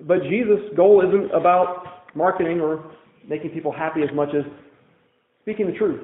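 Animated preacher in an echoey hall. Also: male voice, on the high side, moderate pace. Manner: conversational and animated, with playful asides. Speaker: pastor. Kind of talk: sermon. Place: church hall. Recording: echoey hall, phone-like band.

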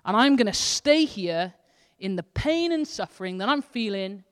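In a clean-toned, mid-range voice with lively intonation and a moderate pace, a Welsh woman associate pastor preaches in a church hall. Her delivery is casual, earnest, and chatty, with intensity that ebbs and builds, all wrapped in long hall reverb.

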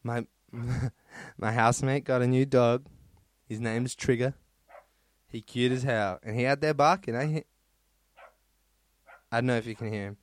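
A man's voice: medium pitch, fairly even intonation, unhurried, pauses often, no echo. A man hosting a podcast, reading out listener stories in casual chat, swearing freely and laughing between lines. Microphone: close podcast mic.

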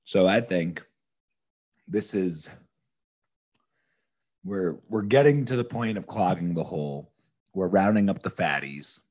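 A man's voice: deep voice, expressive, takes it slowly, long pauses, a little mellow. A man co-hosting a comedy podcast, talking casually and agreeably. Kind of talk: casual chat. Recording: dull lo-fi audio.

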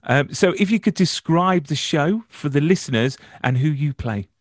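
A man with a Midlands accent hosting an interview, chatty and enthusiastic, jumping in with quick asides. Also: a little high, expressive, no echo, studio quality. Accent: Midlands English. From English Midlands. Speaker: interviewer, host. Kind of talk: casual interview chat.

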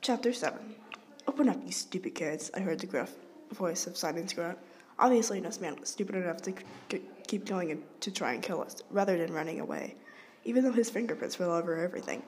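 A woman reading a first-person novel aloud in a mellow, darker tone, at an ordinary pitch. She reads haltingly, with slips and restarts, and a faint hiss sits behind her voice. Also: expressive, reverberant, far from the mic. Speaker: reader.

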